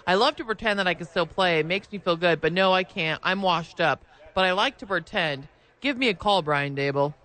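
A goofy retired football star brags and then mocks himself, in bright, punchy phrasing, as a man on a sports radio show puts him on. The voice sits high and sharp. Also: a little fast. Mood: mock-boastful.

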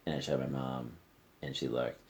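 A man with an extremely deep voice and heavy vocal fry talks candidly about his own story on a podcast. He swears freely and lets sentences trail off into fillers. He is recorded in a friend's living room. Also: steady tone, normal speed, a little mellow, slight background noise. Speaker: podcast host. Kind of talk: casual conversation.

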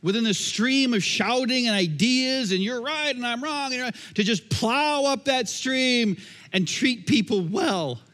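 A man's voice: very high-pitched, lively intonation, measured pace, fairly bright tone. A man preaching a sermon as pastor, in a conversational style with repeated phrases, recorded in a church sanctuary. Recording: long echoey hall reverb.

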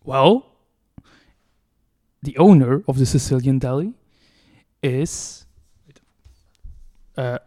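A man's voice: medium pitch, animated, very slow, long pauses, dark tone. A man, a podcast co-host chatting casually, hesitant with many fillers and restarts. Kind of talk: casual chat.

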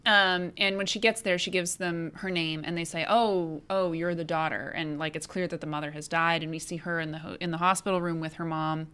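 Bright, crisp-voiced woman. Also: on the low side, steady tone, fairly quick, few pauses. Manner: blunt, critical commentary with casual swearing. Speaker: podcast co-host. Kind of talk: casual movie recap chat.

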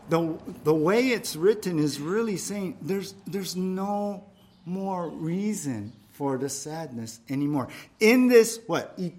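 A man's voice: sits high, darkish tone. Emphatic preacher man. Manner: emphatic, repeats phrases, frequent "right?" checks. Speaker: pastor. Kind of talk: sermon.

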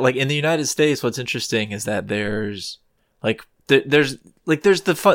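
A man's voice: fairly low pitch, fairly bright tone, no room sound, studio quality. A man hosting a casual podcast chat, thinking aloud in a rambling, hesitant way with many ums and restarts.

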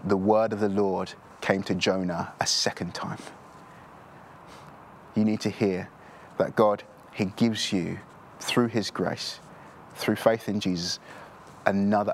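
A man's voice: low voice, a little hiss or hum. A man preaching a sermon in an earnest, repetitive style, often restarting his words.

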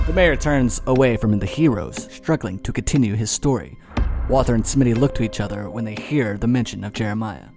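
A man running a tabletop game as game master, moving between scene narration and self-deprecating asides. His voice sits low, with music playing behind him. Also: a little fast, creaky. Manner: self-deprecating, laughing at own stumbles.

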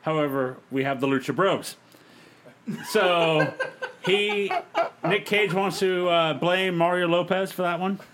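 A man with a slightly high voice hosts a casual podcast. He runs through a fantasy wrestling card in brisk play-by-play, dropping light laughs along the way. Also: a bit bright, slight background noise. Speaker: podcast host.

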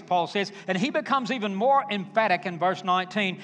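A man preaching a sermon to a congregation, emphatic and building to forceful exhortation. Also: high-pitched, normal speed, hardly any pauses. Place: church sanctuary. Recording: long hall reverb, faint guitar. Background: faint guitar music.

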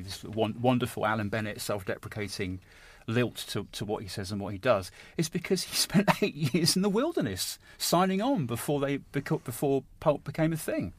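Animated man with lively pitch. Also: no echo. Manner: animated, enthusiastic, digressive. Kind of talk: casual discussion.

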